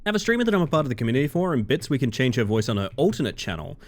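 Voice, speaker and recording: A man streaming a game live, chatting to his viewers in a casual, excitable way and often breaking into laughter. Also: medium pitch, rapid-fire.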